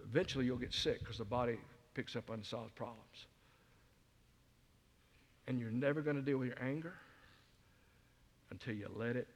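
Older man telling folksy sermon stories. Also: mid-range voice. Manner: folksy storyteller, self-mocking jokes. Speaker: guest speaker. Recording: reverberant hall.

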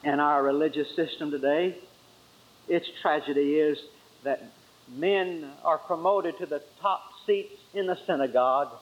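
Male preacher, raised pitch, emphatic sermon delivery, dull lo-fi recording. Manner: emphatic, rises high then drops to quiet lines.

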